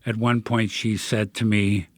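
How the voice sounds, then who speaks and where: A man's voice: fairly low pitch, little pitch movement, measured pace, no echo. A middle-aged man hosting a podcast, musing in a reflective, self-deprecating way during casual chat. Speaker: podcast host.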